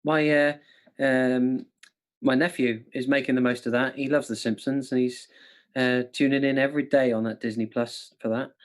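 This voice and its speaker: A man's voice: medium pitch, flat delivery, moderate pace. A man with a mid-range voice hosts an online quiz night. He banters casually, cracks jokes and laughs often. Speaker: quiz host, comedian.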